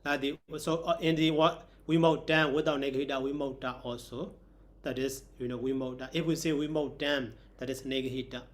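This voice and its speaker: A man's voice: medium pitch, fairly even intonation, brisk. A man, a monk teacher giving a grammar lesson and explaining it step by step.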